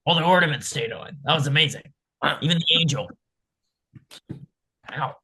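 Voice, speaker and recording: A man's voice: a little high, lively intonation, normal speed, bright, forceful tone, a little hiss or hum. A young man co-hosting a show, improvising a comedic story in loose, rambling narration full of "like"s and laughs. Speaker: co-host.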